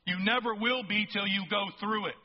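Male pastor, sermon, high voice, emphatic, keeps asking the congregation questions, slightly muffled recording. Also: steady tone, normal speed. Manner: emphatic, rising to near-shouts on key points; asks the congregation frequent check-in questions.

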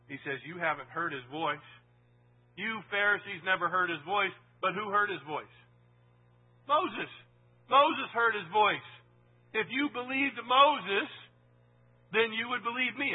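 A husky, high-voiced man preaches a lively sermon. He swings between forceful emphasis and low asides, quizzing his listeners as he goes. The sound is thin and tinny, as though heard over an old radio line. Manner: animated, swings from loud emphasis to low asides, asks the audience questions.

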